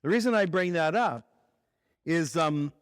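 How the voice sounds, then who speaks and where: A man preaching at a conference, his voice on the higher side, telling a story with lively swings between light asides and low, earnest points. The sound is dry and close, with no room echo. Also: unhurried, clear, resonant tone. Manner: animated storyteller, voice drops low for serious points. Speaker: conference speaker. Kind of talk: conversational sermon with storytelling.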